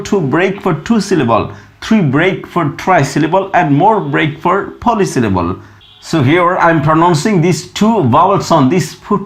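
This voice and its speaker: Male phonetics teacher, fairly high voice, very slow, deliberate delivery. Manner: drawn-out, deliberate, models sounds by repeating them. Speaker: English pronunciation teacher. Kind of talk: slow instructional explanation.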